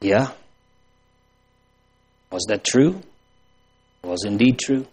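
A man preaching a sermon to a congregation, slow and solemn, building to emphatic pleading phrases. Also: lowish voice, expressive, a little mellow, husky.

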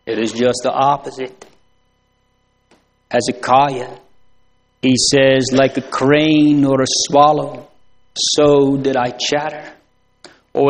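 A man preaching a sermon in a slow, drawn-out, old-fashioned cadence that rises into sing-song emphasis on repeated phrases. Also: fairly high pitch, a little hiss or hum.

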